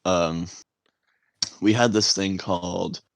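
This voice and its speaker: A young man casually telling army stories, swearing a lot and laughing as he acts out shouted orders. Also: low voice, fairly even intonation, takes it slowly, gravelly, no echo. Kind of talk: casual chat.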